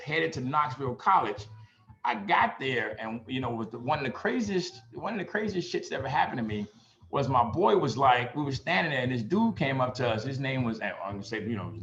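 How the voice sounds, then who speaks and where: A man's voice: medium pitch, a bit bright, echoey room, highs cut off. A middle-aged man from the US Midwest, an instructor telling personal stories in a loose, profane, casual way. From Gary, Indiana, US Midwest. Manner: loose, profane, storytelling with quoted voices.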